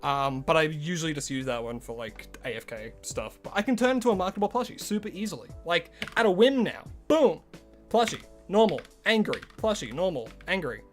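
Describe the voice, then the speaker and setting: Soft music sits under this fairly high, sing-song male voice, which moves quickly with few pauses. He's live-streaming a game, casually saying hi to viewers by name and drifting into talk about his rig, all while shaking off a headache.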